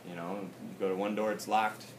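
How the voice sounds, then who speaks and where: A man's voice: low-pitched, flat delivery, a little fast, creaky. Man teaching, echoey and distant. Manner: casual, repeats "okay?" often, switches between English and Spanish. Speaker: Spanish teacher. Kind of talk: classroom grammar lesson. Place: classroom. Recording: echoey room recorded from afar, with noise.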